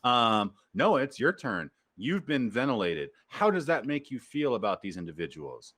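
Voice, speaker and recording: A man narrating as game master of a tabletop role-playing session, with a laid-back, drawn-out delivery. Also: mid-range voice, sing-song, a bit bright.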